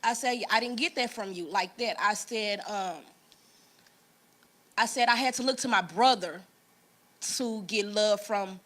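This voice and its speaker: A woman with a medium-pitched voice tells her personal story slowly, leaving long pauses. It's a casual church testimony, delivered earnestly and conversationally, with lively voices whenever she quotes someone.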